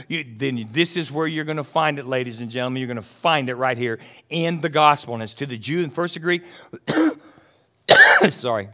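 Preaching from the pulpit, this Texan man speaks with the accent of his home state and swings from booming, impassioned lines to hushed side remarks. His voice is mid-range and his delivery moves at a moderate speed.

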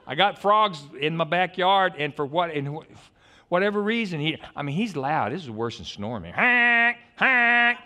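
Preaching in a voice on the high side, a middle-aged pastor wanders through his sermon with animated digressions, alternating booming outbursts with quiet, hushed passages.

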